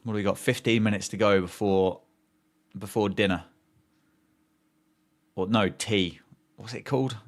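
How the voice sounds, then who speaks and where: A man's voice: lowish voice, a little slow, pauses often. A man hosting a live cricket watchalong, chatting casually, joking and reacting to play and viewer comments.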